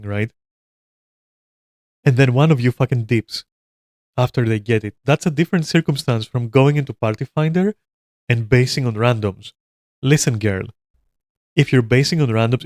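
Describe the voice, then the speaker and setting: A man's voice: medium pitch, darkish tone, no room sound, studio quality. A man streaming a reaction, giving blunt opinions in a rambling casual rant full of swearing.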